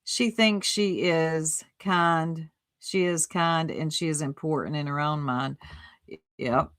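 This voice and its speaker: A woman's voice: sits low, fairly even intonation, slow pace, a bit bright. Blunt, mocking woman streamer. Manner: blunt, mocking, laughs often. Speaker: commentary streamer. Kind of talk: reaction commentary.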